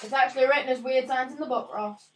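A woman's voice: sits high, fast, a little hiss or hum. A woman playing a tabletop game, arguing over the rules in casual chat. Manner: argumentative, rules-lawyering. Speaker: player. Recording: distant mic in an echoey room.

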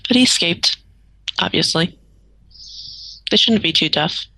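A woman's voice: on the low side, lively intonation, measured pace, bright, forceful tone, no echo, poor audio. A woman playing a tabletop game, giggling and apologizing as she speaks for her character. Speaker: player. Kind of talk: casual tabletop role-play.

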